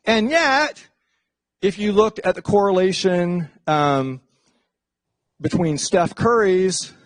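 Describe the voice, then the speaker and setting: A middle-aged man giving a casual classroom lecture as a psychology professor, chatty and animated, often slipping into playful voices for asides. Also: on the high side, no room sound.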